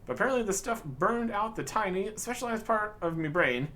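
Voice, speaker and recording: A man's voice: high-pitched, animated, fairly quick, sharp tone, voice pushed up. A man doing a rambling pirate rum brewer. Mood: yarn-spinning. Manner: storytelling pirate talk, says 'tis and lad.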